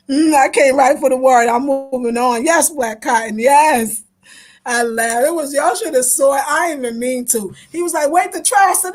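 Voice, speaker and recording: A woman with a high voice, an animated, laughing storyteller who talks straight to her viewers and plays every voice in the tale herself, swinging from bright and loud to low and murmured as she goes. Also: moderate pace. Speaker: video host.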